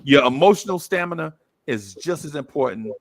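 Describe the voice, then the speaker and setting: Brief: man from the US, gravelly, higher-pitched, telling a casual story with animated acted-out voices. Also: fairly quick, a little hiss or hum. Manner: animated, acts out quoted voices, repeats for emphasis.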